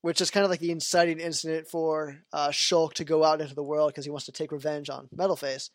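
A man's voice: on the high side, flat delivery, fast, no room sound, studio quality. A man hosting a podcast, chatting casually and rambling with many fillers. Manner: rambling, full of "you know" and "like" fillers. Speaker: podcast host. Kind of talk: casual chat about a video game.

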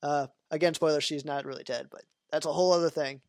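A man with a fairly high voice hosts a casual podcast, and he rambles loosely with lots of fillers. The sound is dry and close, with almost no room echo. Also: fairly even intonation, fast talker. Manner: rambling, full of "you know" and "like" fillers. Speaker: podcast host. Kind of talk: casual chat about a video game.

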